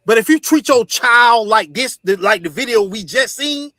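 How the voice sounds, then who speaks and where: A man preaching forcefully to his listeners, repeating "you understand" and swearing often. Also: extremely high pitch, lively intonation, normal speed, no echo, studio quality. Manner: forceful, repetitive, profane. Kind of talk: street sermon teaching.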